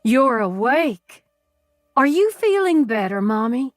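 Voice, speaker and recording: A woman's voice: sits high, big pitch swings, slow pace, no room sound, studio quality, soft background music, voice pushed up, full character voice. A woman voicing a white-haired male kidnapper who speaks with a twangy American Southern accent and a child's cadence. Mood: childishly eager. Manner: childish, wheedling, turning menacing.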